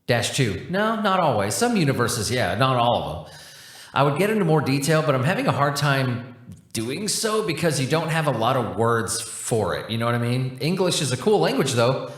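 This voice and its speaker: A man's voice: medium pitch, big pitch swings, normal speed, fairly bright tone. Guy voicing a chill cosmic help desk dude, super casual, echoey room. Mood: laid-back. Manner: casual, chatty, easygoing slang. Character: laid-back male cosmic tech support being. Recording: roomy echo.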